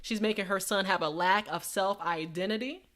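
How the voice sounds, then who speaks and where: Hosting a live stream, a woman chats casually and addresses her audience as "y'all." Her voice is medium-pitched and fairly bright, and she talks at a normal speed.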